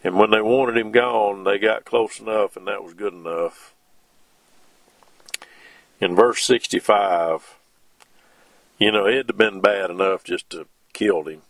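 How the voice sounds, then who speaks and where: A middle-aged preacher with a drawl delivers a sermon, unhurried and folksy. His low voice has a gravelly edge. The sound is close and dry. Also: fairly bright tone, dry recording. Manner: slow, folksy, with homespun asides. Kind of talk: sermon with scripture reading.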